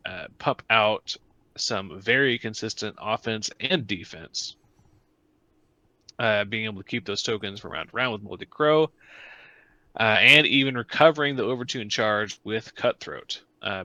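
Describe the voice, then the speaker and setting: A man co-hosting a casual podcast, halting and chuckling as he weighs game pieces. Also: lowish voice, pushed and bright, dry recording, low-quality recording. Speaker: podcast co-host.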